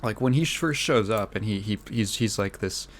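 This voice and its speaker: A man hosting a casual solo podcast, rambling with many fillers and restarts, his throat phlegmy so he keeps clearing it. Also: on the low side, expressive, normal speed, a little hiss or hum. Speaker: podcast host.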